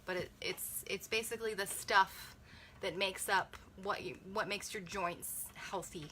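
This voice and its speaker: A woman's voice: mid-range voice, steady tone, measured pace, sharp tone, a little hiss or hum. A young woman, a mother, chatting casually through a beauty kit unboxing, thinking aloud and correcting herself as she reads viewer comments.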